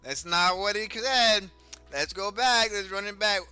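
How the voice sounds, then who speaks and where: A man's voice: sits high, unhurried, bright, forceful tone, smooth, soft background music. A man streaming reaction commentary on clips, blunt and ranting, swearing heavily.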